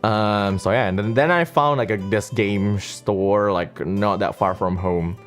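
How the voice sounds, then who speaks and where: Young man, streamer doing a playful Q&A, unhurried, soft guitar music behind. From Indonesia. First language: Indonesian. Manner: playful, teasing, often jumps into a high excited voice. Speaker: streamer answering viewer questions. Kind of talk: casual chat. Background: faint guitar music.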